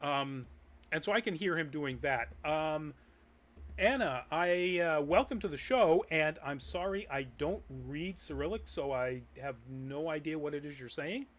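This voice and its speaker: Chatty man hosting, fairly high voice. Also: unhurried, a bit bright. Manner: chatty, many ums and uhs. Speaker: host of a live nerd news show. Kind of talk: casual chat reading news and chat comments. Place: Massachusetts.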